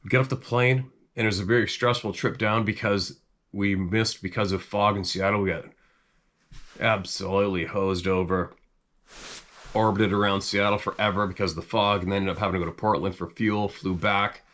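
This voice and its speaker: A middle-aged Canadian man with a stuffy head cold, chatting casually to camera in a rambling, animated way. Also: fairly low pitch, moderate pace. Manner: rambling and animated, chuckles often, voice jumps up when quoting himself. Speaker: hunting channel host.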